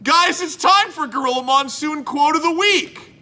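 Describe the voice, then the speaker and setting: A man's voice: very high voice, moderate pace, pushed and bright. A man hosting a comedy talk show, goofy and over the top. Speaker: host.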